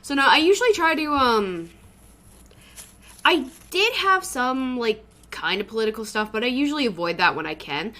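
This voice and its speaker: Woman, streamer, casual live chat, sweary, laughs a lot, slightly high voice. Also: very animated, moderate pace, sharp tone. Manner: loose and sweary, laughs often.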